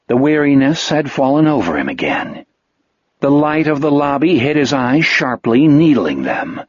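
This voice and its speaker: A man narrating an audiobook in an expressive, vivid storytelling manner. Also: mid-range voice, no echo. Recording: dull lo-fi dry recording.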